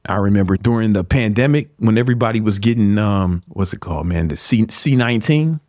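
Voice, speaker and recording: A man's voice: lowish voice, a little fast, darkish tone, dry recording, clean studio sound. A man from Chicago hosting a podcast, giving a motivational talk in a blunt, profane, slang-heavy way. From Chicago, USA. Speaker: podcast host.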